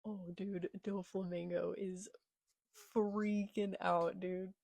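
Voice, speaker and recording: A young woman reading a manga aloud and reacting live, excitable, with gasps and whispered asides. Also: mid-range voice, a little slow, vocal fry, dry recording.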